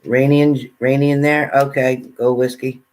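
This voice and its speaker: A relaxed man talks his way through a live stream. He greets viewers and reads their comments aloud in a casual, chatty way. His voice sits at an ordinary middle pitch. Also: normal speed. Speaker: tarot reader greeting live chat.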